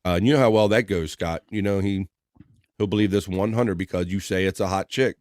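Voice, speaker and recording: A man's voice: deep voice, fairly quick, darkish tone, no echo, studio quality. A man hosting a live stream in a rambling, laid-back way, chatting casually and chuckling as he goes. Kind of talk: casual chat.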